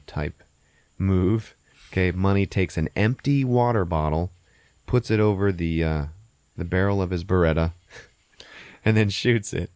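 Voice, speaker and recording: Brief: deep-voiced male podcast host, swearing casual movie recap. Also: smooth, no echo. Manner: profane, laughing, animated storyteller.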